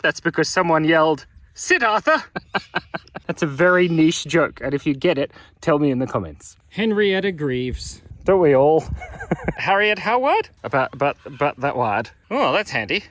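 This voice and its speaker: A man telling a stream of puns to the viewer as he walks through an outdoor cemetery in a playful vlog. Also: on the high side. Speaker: vlogger. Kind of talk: joke-filled walking vlog.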